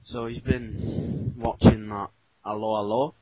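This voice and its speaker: A man's voice: on the low side, level tone, slow. A man co-hosting a casual football podcast, making dry mocking remarks. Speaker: podcast co-host. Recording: dull lo-fi mic with faint noise.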